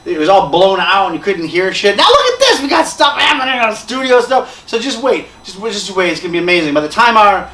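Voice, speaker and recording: A young man hosting a casual live stream from a small studio, excitable and joking, swearing freely. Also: sits high, a little fast, hardly any pauses, reverberant, recorded from a distance.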